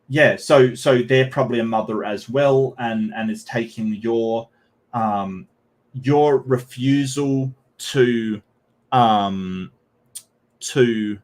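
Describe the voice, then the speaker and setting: A man talks through a live stream at a middle pitch. He reads posts aloud, greets his chat, and rambles with plenty of ums and restarts. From Australia. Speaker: streamer reading and discussing posts. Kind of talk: casual live-stream commentary.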